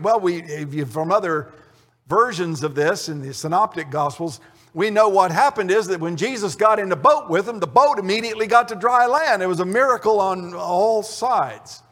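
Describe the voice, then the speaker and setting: High-voiced man teaching in a reverberant hall. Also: normal speed, fairly bright tone. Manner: storytelling, acts out the dialogue in the scene. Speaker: Bible teacher. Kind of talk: conversational Bible teaching. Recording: long reverb of a large hall.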